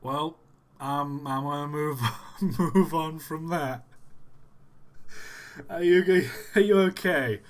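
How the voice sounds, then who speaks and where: Slow, dry-voiced tired male streamer. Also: fairly high pitch, slight background noise. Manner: dry, sarcastic running commentary with groans. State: tired and yawning. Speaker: livestream host. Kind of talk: reacting to pictures on a live stream.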